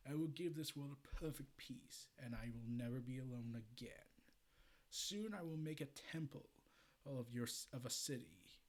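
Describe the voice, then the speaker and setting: A menacing machine hive mind speaking through a child, as a man reads it from a comic. The delivery is hushed and measured, a notch softer than usual, with a middle-pitched male voice. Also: close to an everyday voice. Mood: ominous. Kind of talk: reading comic dialogue aloud.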